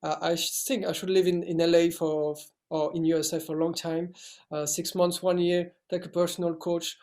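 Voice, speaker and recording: A young man in his twenties from France, speaking English with a French accent in a halting interview style with many restarts. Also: on the high side, flat delivery, a little mellow. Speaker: actor guest. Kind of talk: casual interview talk.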